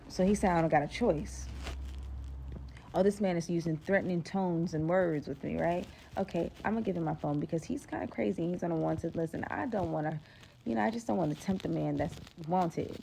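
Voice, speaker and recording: A woman's voice: on the low side, fairly quick, vocal fry, a little hiss or hum. A young woman telling a dramatic story casually, acting out the dialogue and dropping to whispers at tense moments. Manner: animated, acts out dialogue, swings to whispers.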